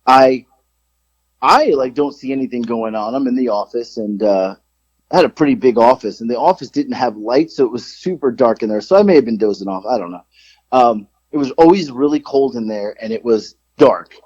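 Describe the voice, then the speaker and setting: A man co-hosting a podcast, telling stories in casual chat, swearing freely and jumping up in pitch when he quotes himself. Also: a little fast, slightly rough, dry recording. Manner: animated storyteller, jumps high when quoting himself, swears freely. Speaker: podcast co-host. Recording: slightly dull lo-fi sound.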